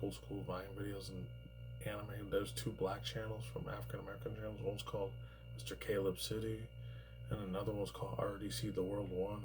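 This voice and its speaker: A man's voice: fairly low pitch, rough recording. A man in his thirties from New York, rambling through casual commentary, swearing freely and padding his talk with fillers. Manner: rambling, profane, heavy on fillers. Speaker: YouTuber reacting to news.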